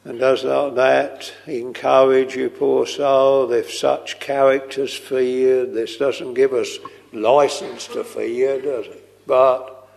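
Slow preacher guy, gravelly, tender pleading tone, big echoey church. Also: medium pitch, a little mellow. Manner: slow, tender and pleading, quoting hymns with feeling. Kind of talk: slow, earnest sermon. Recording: long reverb of a large hall.

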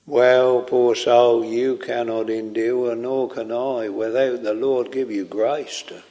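An older man preaching a sermon, telling stories in a slow, earnest way and drawing out quoted lines. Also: medium pitch, little pitch movement, dark tone. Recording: long hall reverb.

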